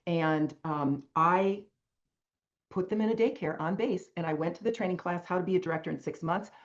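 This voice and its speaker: A woman's voice: fairly low pitch, normal speed, muffled recording. An older woman, a longtime direct-sales leader, telling a long rambling personal story on a call. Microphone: video call.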